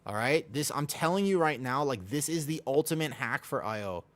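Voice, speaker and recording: A man live-streams a video game, casually chatting with viewers and friends while teaching them something. His mid-range voice is animated and moves at a normal speed, and he drives his point home with emphatic repetition and the odd swear word.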